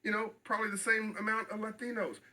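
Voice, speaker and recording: A man's voice: high voice, flat delivery, quick pace, pushed and bright, rough recording. A middle-aged man speaking as an interview guest, passionate and emphatic, often repeating phrases for stress.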